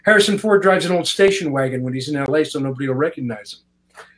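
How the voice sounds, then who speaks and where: Animated older man telling stories. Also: a little high, fast talker, rough recording. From Canada. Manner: animated, slips into voices while telling stories. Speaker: guest voice actor. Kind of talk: casual interview storytelling.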